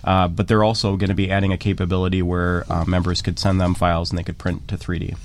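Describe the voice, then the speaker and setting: Man guest, lowish voice, halting explainer with lots of ums. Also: little pitch movement. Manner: halting, many fillers and restarts. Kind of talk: radio interview.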